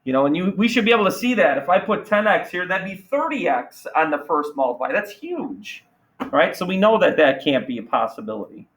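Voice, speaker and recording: A man teaching a math class, energetic and playful, firing questions at students. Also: high voice, fairly quick, poor audio. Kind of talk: classroom lesson.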